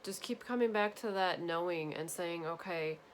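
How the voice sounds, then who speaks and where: Woman, tarot reader, earnest and reassuring, lower voice, light background hiss. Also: normal speed. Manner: gentle, earnest, repetitive reassurance. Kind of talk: spiritual tarot reading to viewers.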